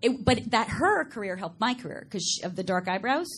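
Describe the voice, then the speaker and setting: A woman's voice: medium pitch, big pitch swings, fairly quick, fairly bright tone. A middle-aged woman from Long Island, New York, with no regional accent, chatting as a talk show guest in a rambling way and laughing often. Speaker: guest actress. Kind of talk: casual talk show chat.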